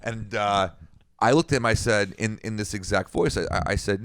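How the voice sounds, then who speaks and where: A man's voice: lowish voice, moderate pace, a bit bright, clean tone, dry recording. A man in his thirties co-hosting a podcast, telling a casual story in a rambling way with frequent restarts. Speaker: podcast co-host.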